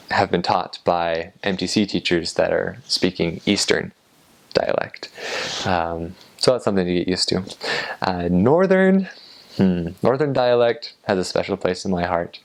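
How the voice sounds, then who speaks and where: Give me a man with a very low voice explaining something casually and hesitantly. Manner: relaxed, hesitant, says uh often. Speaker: former missionary explaining dialects.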